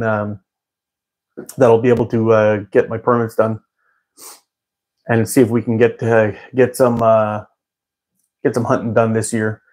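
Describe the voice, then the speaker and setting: A man's voice: mid-range voice, darkish tone. A man hosting a live stream, chatting casually with viewers in a rambling way and laughing often. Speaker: live-stream host answering chat.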